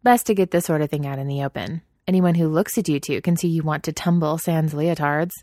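A woman's voice: low-pitched, brisk, warm tone, no echo, clean studio sound, lightly acted. A woman voicing a smug, teasing teenage girl gymnast who bosses her friends around. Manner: teasing, bossy.

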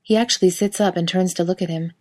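A woman narrating a fiction audiobook in an even, steady storytelling manner. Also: lowish voice, quick pace.

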